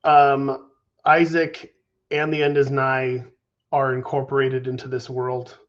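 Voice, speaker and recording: Casual male guest, rambling, slight lo-fi call sound, mid pitch. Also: flat delivery, slow pace. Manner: rambling, restarts, casual swearing. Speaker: game designer guest. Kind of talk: casual live Q&A chat.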